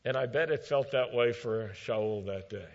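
A man preaching a sermon, retelling scripture with emphatic, measured storytelling and dry asides. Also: medium pitch. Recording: dull lo-fi recording.

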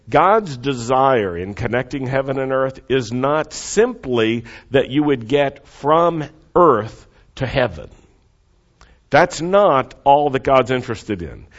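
A man preaching a sermon with expressive delivery, leading the congregation to repeat lines after him. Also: a little high, lo-fi sound. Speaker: pastor.

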